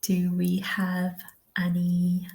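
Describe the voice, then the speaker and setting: A woman's voice: lowish voice, completely flat delivery, extremely slow, creaky, a little mellow. A woman from the west of Ireland, presenting a live online teacher-training webinar in a chatty, encouraging way, often checking with "okay?".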